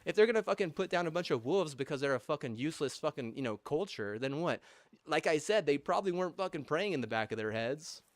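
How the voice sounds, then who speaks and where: A man's voice: on the high side, lively intonation, no echo. A young man in a rambling, angry rant, swearing constantly and stopping to restart his sentences. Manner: angry, heavy swearing, halting restarts and fillers.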